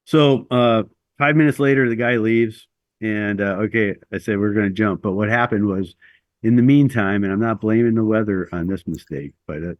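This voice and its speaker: A man's voice: fairly low pitch, normal speed, no room sound, muffled recording. A middle-aged man telling a long personal story as an interview guest, rambling and self-deprecating with lots of fillers.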